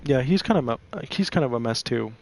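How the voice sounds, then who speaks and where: A man's voice: mid-range voice, expressive, a little fast. A man telling a personal story while gaming, rambling and profane, with lots of "like" fillers.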